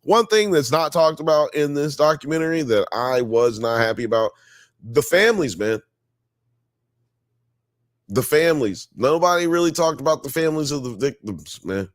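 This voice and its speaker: A slightly high, animated man hosts a live show at a moderate pace, telling a story loosely with plenty of "you know" and "blah blah." He turns emphatic when heated. The sound is clean studio audio with no echo.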